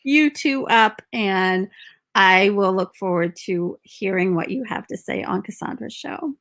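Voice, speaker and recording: A woman's voice: medium pitch, measured pace. Woman host of a live-streamed podcast, upbeat and encouraging. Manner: encouraging, upbeat, gently prompting.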